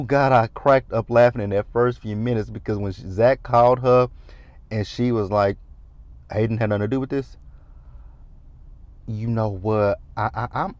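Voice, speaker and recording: A man hosting a casual TV recap, animated and profane, laughing often as he retells scenes. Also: medium pitch, no room sound. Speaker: TV show recap host.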